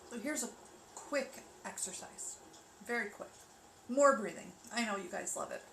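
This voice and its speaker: A woman hosts a calm livestream from her home, guiding listeners through breathing with slow, reassuring speech that sinks toward a hush. Her voice carries a gravelly fry. The mic sits some way off in an echoey room, with a steady hiss of noise underneath. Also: mid-range voice. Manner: soft, reassuring, slows to a hush for breathing counts. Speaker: wellness livestream host. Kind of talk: gentle guided grounding talk. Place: home room with rain sounds on the TV.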